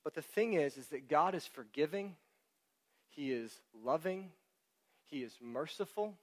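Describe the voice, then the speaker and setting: High-voiced man preaching a sermon. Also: unhurried. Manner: animated, explanatory, talks to the congregation with rhetorical questions. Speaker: pastor. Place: church hall with sound system. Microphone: handheld or stand microphone.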